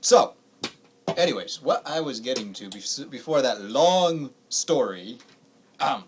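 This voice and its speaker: A man co-hosting a small radio show, chatting in a rambling way and clearing his throat now and then. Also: medium pitch, sing-song, slow pace, noisy background. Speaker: radio co-host. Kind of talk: casual radio banter.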